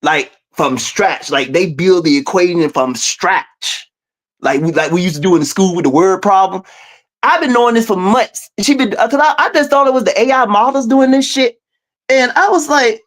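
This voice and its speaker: A man speaking as a guest over a video call, telling his story in an animated, profane way, dropping to low mutters and jumping to high exclaims. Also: a little fast.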